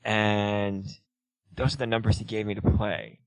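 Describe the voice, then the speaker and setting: A man's voice: on the low side, flat delivery, unhurried, dry recording, rough recording. A man telling a long personal story in casual chat, rambling with lots of "you know" and "like" and acting out the lines of the people in it. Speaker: guest.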